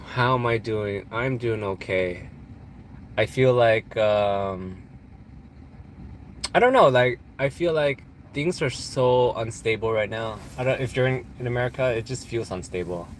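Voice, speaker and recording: Congested from allergies, a man from California runs a laid-back livestream, answering chat questions with rambling jokes and frequent laughter. His voice is medium-pitched and a little slow, with a faint hiss or hum in the background.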